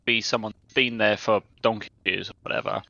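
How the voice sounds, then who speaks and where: A young man with a bright, forceful voice talks through his ideas as a tabletop player, pausing and restarting often. The sound is dry and a little dull, like a lo-fi recording. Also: lowish voice, fairly even intonation, creaky, dry recording. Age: young adult. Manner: hesitant, many fillers and restarts. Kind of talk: casual tabletop chat.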